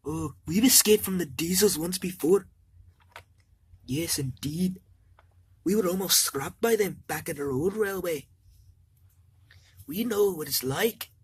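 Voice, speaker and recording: Twin steam engines from a homemade toy-train story that speak in a put-on Scottish lilt, as a woman plays them. The delivery is low-pitched and unhurried. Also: breathy edge, no echo, poor audio. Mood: earnest.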